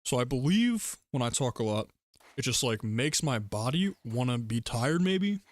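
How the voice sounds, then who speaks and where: A man's voice: mid-range voice, normal speed. Young man rambling on a stream. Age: young adult. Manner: rambling, relaxed, laughs often, yawning. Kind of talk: casual gaming livestream chat.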